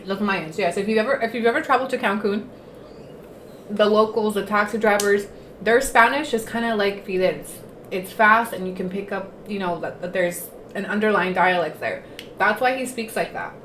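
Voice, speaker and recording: Her mid-range voice is fairly bright and moves at a normal speed. She's a livestream host eating while she chats casually, dropping Spanish words into her English, recorded in an echoey room with faint background noise.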